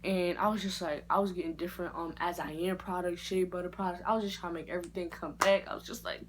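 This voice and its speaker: A young adult woman vlogger telling a story in a casual, slangy way and jumping into high-pitched reactions. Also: steady tone, fast talker, few pauses, a little hiss or hum.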